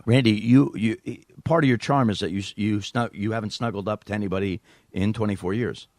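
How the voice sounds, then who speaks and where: A man in his thirties hosting a podcast, telling comic stories in an animated way. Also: fairly low pitch, brisk, no echo, studio quality. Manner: animated, slips into voices and quotes. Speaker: podcast host. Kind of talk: comic storytelling.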